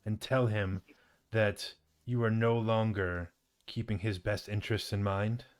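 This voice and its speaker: A man voicing a haughty, scheming drow envoy who talks down coldly and quickly. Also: lowish voice, fairly even intonation, natural voice. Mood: scornful. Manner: cold, condescending, quick.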